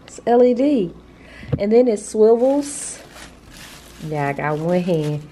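A woman's voice: mid-range voice, big pitch swings, slow pace, dark tone, a little hiss or hum. A woman, chatting casually and gushing to viewers as she unboxes gifts for her vlog, filmed on a handheld camera. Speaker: vlogger.

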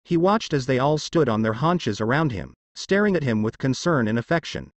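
Expressive male fanfiction narrator. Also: medium pitch, moderate pace, no room sound.

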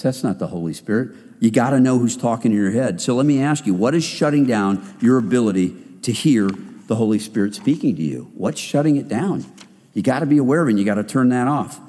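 A man giving an animated, conversational sermon-style talk to a men's group, acting out quotes as he goes. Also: mid-range voice, fairly quick. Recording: reverberant hall.

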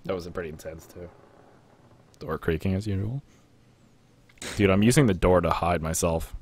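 Deep-voiced young man streaming, laughing often. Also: moderate pace, darkish tone. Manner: chatty, laughs often, rambling with restarts. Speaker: streamer playing a battle royale game. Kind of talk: casual live-stream commentary.

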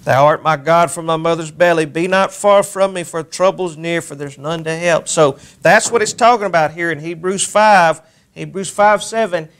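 Guy preaching a sermon, kinda high voice, reads old bible verses, slows way down to stress stuff. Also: a bit bright, smooth. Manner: preaching with rising emphasis and slow stressed words; reads scripture aloud in King James wording. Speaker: pastor.

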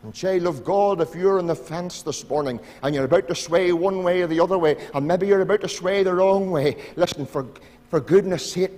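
A Northern Irish pastor preaching a sermon in a church, pleading with his congregation and swinging from loud appeals to hushed asides. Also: high voice, fairly quick. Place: church sanctuary. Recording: church hall reverb.

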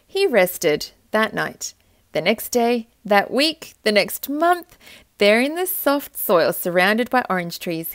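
A woman reading a children's storybook aloud in a gentle, expressive way. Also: medium pitch, slow, dry recording, studio quality.

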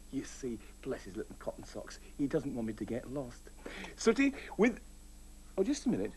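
A man's voice: medium pitch, wildly swooping pitch, brisk, darkish tone, slight background noise. A man presenting a children's puppet comedy, talking fussily and with mock exasperation to puppets. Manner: fussy, exasperated, talks to puppets. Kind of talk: comic puppet-show presenting.

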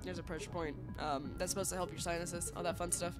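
A woman's voice: fairly low pitch, fairly even intonation, quick pace, music in the background. A woman streaming live in casual chat, sick and congested with a nasal, duck-like voice, bubbly and giggly and swearing freely.

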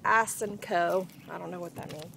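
A young woman, gushing and excitable as she chats casually through an unboxing vlog. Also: on the low side, moderate pace, vocal fry, noisy background. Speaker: vlogger.

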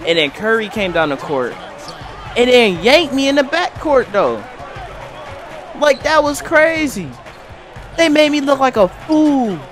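A young man commentating live on his own basketball video game, excitable and trash-talking at the screen. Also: extremely high pitch, unhurried, pauses often. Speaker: gaming commentator. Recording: game music and crowd noise faintly behind. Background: faint game music and arena crowd.

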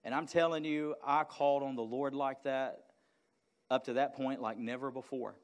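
A man's voice: medium pitch, fairly even intonation, normal speed, clean tone. Man preaching a fervent sermon. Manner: builds from quiet storytelling to loud, fervent preaching. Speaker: pastor. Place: church sanctuary.

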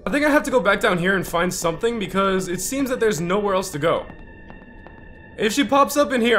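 A man playing a horror game and commenting, easily startled, swearing and yelling back at the ghosts. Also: high-pitched, lively intonation, brisk, faint music behind. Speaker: gaming channel host.

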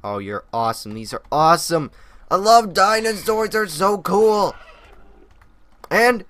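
A young man giving excitable let's-play commentary on a modded game, talking to the animals on screen. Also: sits high, measured pace. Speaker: gaming youtuber.

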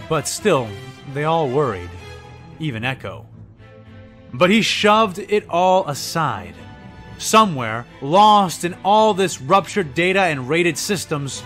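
A man with a fairly high voice reads scripted story narration at a measured pace. Quiet music runs beneath him throughout, giving a produced audio-drama feel. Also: very animated. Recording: faint background music. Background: faint music.

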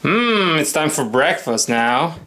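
A man's voice: a little high, sing-song, takes it slowly, pushed and bright, roomy sound. A man acting out a comedy sketch, talking to himself in a theatrical, exclaiming way with swearing.

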